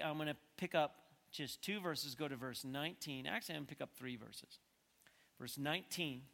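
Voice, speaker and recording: Bright-voiced male pastor in a reverberant hall. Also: fairly high pitch. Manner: conversational, swings from quiet to emphatic. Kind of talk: sermon.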